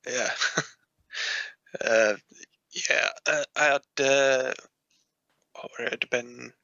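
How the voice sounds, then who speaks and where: Gravelly, slow-talking man. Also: mid-range voice, steady tone, pushed and bright, dry recording, dull audio. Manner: halting, many fillers and restarts, laughs often. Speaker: musician guest. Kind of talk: casual podcast chat.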